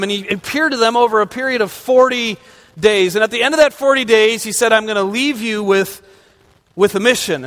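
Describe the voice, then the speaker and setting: A man's voice: high voice, fairly bright tone. A man pastor delivering a conversational sermon, asking his congregation rhetorical questions as he goes. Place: church sanctuary. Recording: long reverb of a large hall.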